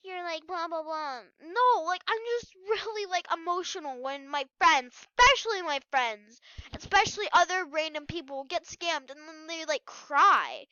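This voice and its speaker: A woman's voice: very high voice, lively intonation, normal speed, pushed and bright, no echo. A young female vlogger talking in an upset, rambling way with many fillers, on a dull lo-fi recording. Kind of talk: emotional gaming vlog.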